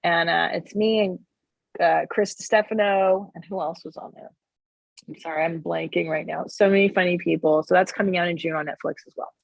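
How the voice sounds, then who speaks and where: Wry joking woman comedian, husky. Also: fairly low pitch, fairly even intonation, brisk, no room sound, highs cut off. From Canada. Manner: wry, joking, plugs her work. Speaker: guest comedian. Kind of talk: casual interview chat.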